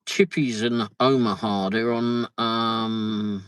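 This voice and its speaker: A man's voice: lowish voice, steady tone, slow pace, fairly bright tone, clear, resonant tone, no echo, low-quality recording. A man chatting casually on a live stream, reading out viewer comments with muttered asides. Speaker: livestream host. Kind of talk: casual live chat while travelling. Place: in a vehicle on the road.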